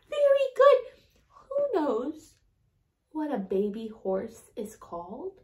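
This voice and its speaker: A woman hosting a toddler lesson in a very high, bouncing sing-song voice full of gasps and lavish praise. She speaks slowly and clearly, and the sound carries an echoey room. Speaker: toddler teacher and show host. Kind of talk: toddler learning video.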